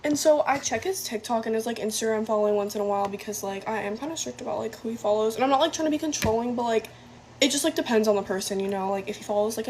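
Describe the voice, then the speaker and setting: A woman's voice: on the high side, a little hiss or hum, low-quality recording. A young woman telling a casual storytime in a rambling way, full of fillers. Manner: rambling, filler-heavy, asks for opinions.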